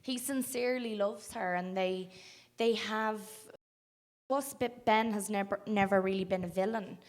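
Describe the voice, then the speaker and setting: A young woman with an Irish accent, an actress chatting thoughtfully in an interview, with frequent pauses and ums. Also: medium pitch, steady tone, darkish tone. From Ireland. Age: young adult. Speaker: film actress guest. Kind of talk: casual interview chat.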